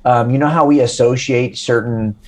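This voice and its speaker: A man's voice: medium pitch, fairly even intonation, moderate pace, darkish tone. A man with an American accent, speaking as a podcast guest in a thoughtful, reflective way. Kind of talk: casual podcast interview.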